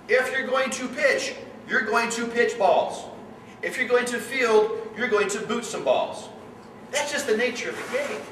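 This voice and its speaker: A middle-aged man coaching, giving an animated story-driven talk to parents and questioning his audience. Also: fairly high pitch. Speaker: youth sports coach. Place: room with an audience. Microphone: distant room mic. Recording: echoey room, distant mic, background noise.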